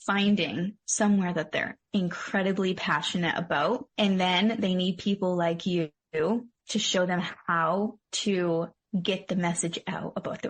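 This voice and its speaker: A young adult woman, a mindset coach, talking enthusiastically as a podcast guest with lots of fillers. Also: medium pitch. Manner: enthusiastic, effusive praise, filler-heavy. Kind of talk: casual interview chat.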